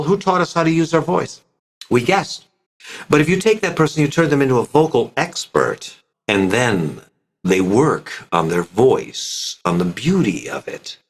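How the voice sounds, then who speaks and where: A man speaking as a voice coach guest on a podcast interview, explaining expressively with frequent pitch shifts and breaking into quick demonstration voices.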